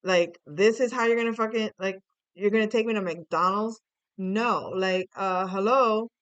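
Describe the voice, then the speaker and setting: A woman putting on the voice of a whiny, demanding teenage girl who complains in quick, high-pitched bursts. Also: fairly bright tone, clean tone, highs cut off, natural voice. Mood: indignant.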